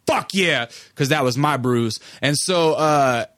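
A man in his thirties spins a long story on his podcast, loose and profane, full of fillers. His voice sits at an everyday middle pitch. The sound is dry and close. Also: steady tone, unhurried, no room sound. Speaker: podcast host. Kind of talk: casual storytelling monologue.

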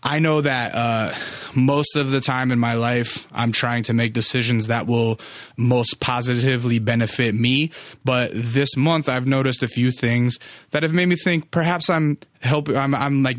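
Young dude podcasting, rambly and sweary, dry close sound. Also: male voice, medium pitch, a bit bright, no room sound. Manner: rambling, profane, lots of "like". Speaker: podcast host. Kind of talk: casual storytelling monologue.

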